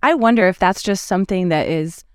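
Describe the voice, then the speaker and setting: An animated, sarcastic speaker in a casual podcast chat, quick to laugh and to mock. The voice is of middle pitch and recorded close and dry. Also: smooth, no echo.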